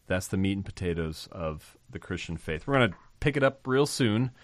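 Deep-voiced man teaching a Bible passage. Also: lively intonation, normal speed, no room sound. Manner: reads scripture aloud, then unpacks it word by word; emphatic, repeats key phrases. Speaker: Bible teacher, podcast host. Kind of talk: explanatory Bible study teaching.

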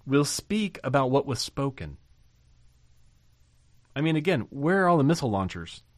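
A man's voice: lowish voice, no echo. A man preaching a sermon, emphatic and full of rhetorical questions, with sudden rising bursts. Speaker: pastor.

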